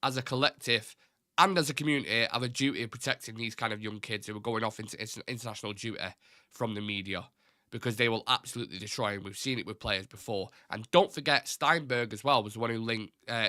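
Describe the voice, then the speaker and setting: A young man with a bright, forceful voice rants bluntly through a casual live-stream chat, indignant and quick to swear. His nose is a little stuffed up, giving a faint nasal edge. The sound is dry and close. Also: mid-range voice, no room sound. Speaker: host of a fan livestream.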